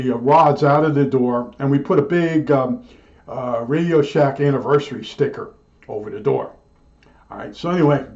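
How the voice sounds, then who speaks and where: A man's voice: on the high side, darkish tone, lo-fi sound. An older man telling a rambling personal anecdote, chatty and digressive, with many restarts and asides. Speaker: storyteller recalling old work days.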